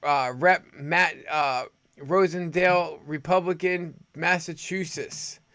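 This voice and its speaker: A man's voice: on the high side, fairly even intonation, slow pace, a bit bright, dry recording, clean studio sound. A man hosting an opinionated news commentary show, sarcastic and rambling as he reads headlines. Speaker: host.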